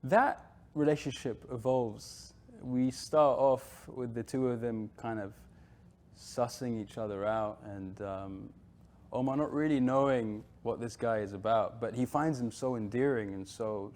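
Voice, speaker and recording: A man's voice: fairly low pitch, a little mellow, slight background noise. A man talking casually in an interview, hesitant, with frequent fillers and restarts. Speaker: actor interviewee.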